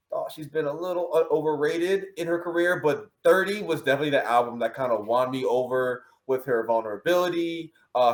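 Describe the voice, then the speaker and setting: A man hosting a casual chat about music picks, playful and self-mocking. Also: medium pitch. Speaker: host. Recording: roomy echo.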